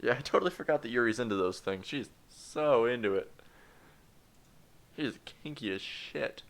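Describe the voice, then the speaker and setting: A man's voice: medium pitch, lively intonation, moderate pace, vocal fry. A man streaming a story game who rambles and mocks himself and laughs at his own jokes. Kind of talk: game playthrough commentary.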